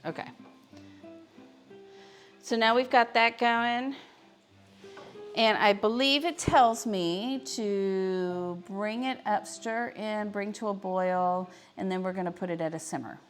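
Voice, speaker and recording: A woman hosts a live-streamed cooking show from her home kitchen, chatting easily with viewers while she stirs and tastes. Her pitch sits in a middling register. Soft music plays faintly behind her. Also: slow.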